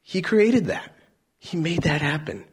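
A man preaching a sermon, animated, swinging from loud emphatic lines to soft near-whispers. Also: on the high side, a little slow, breathy edge.

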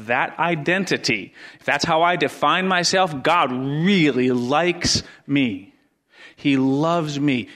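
An earnest middle-aged pastor delivers a sermon in a mid-range voice, repeating his phrases and dropping from loud emphasis to almost a hush.

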